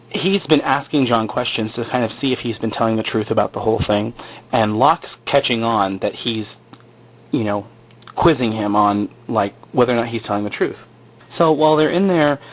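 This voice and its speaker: A man chats casually through an episode recap, rambling and cracking jokes. His voice sits at a middling pitch. The recording sounds dull and lo-fi. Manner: joking, rambling, full of fillers. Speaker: podcast host.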